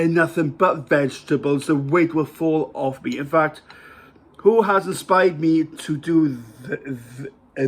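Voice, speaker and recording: A man from Wales with a Welsh accent, talking casually to camera about his meal at home, rambling and hesitant with many fillers. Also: fairly high pitch. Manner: rambling, hesitant, self-mocking. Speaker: vlogger. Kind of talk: casual to-camera food vlog.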